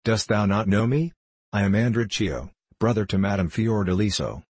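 A young man who has been swindled, crying out and pleading in archaic storybook speech, as a male narrator reads him. The voice sits low and husky, close and dry. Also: normal speed, a little mellow, dry recording. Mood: lamenting.

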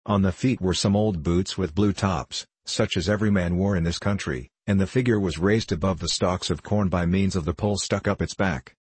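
A man reading a storybook aloud in a calm, even narrating manner. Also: low-pitched, moderate pace, hardly any pauses, slightly rough, no room sound. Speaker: audiobook narrator.

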